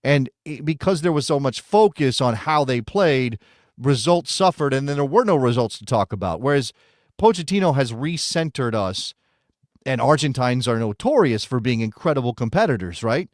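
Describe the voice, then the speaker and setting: An American man co-hosts a casual soccer talk show, rambling chattily and correcting himself as he goes. His voice is medium-pitched and animated at a moderate pace, recorded dry with clean studio sound.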